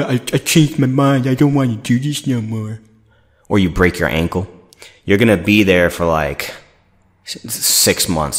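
A man's voice: low-pitched, a bit bright. A young man hosting a podcast, telling a rambling, profane story and acting out the voices of people he quotes. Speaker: podcast host. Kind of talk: casual storytelling rant.

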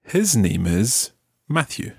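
A man teaching a podcast language lesson, patiently modelling words slowly for the learner to repeat. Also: lowish voice, sing-song, vocal fry, breathy edge, no room sound, studio quality.

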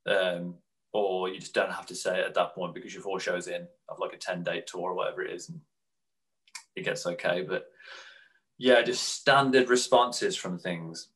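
A man co-hosting a podcast in casual chat, telling animated stories and slipping into quick mimicked voices of other people. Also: deep voice, poor audio. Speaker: podcast co-host.

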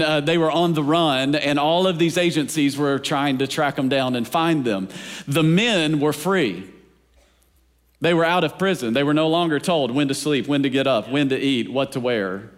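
A man pastor preaching a sermon in a church, with a rhythmic delivery that keeps asking the congregation whether they are following. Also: on the high side. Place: church sanctuary. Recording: long reverb of a large hall.

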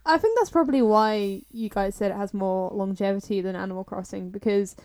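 A woman's voice: mid-range voice, a little fast, darkish tone. A woman chatting casually on a group podcast, rambling with lots of fillers. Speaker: podcast panelist.

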